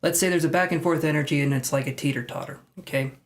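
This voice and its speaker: A man with a slightly high voice hosts a live tarot stream. He rambles, thinks aloud and pokes fun at himself while reading cards for his viewers. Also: fairly even intonation, fast talker, slight background noise. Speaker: tarot reader.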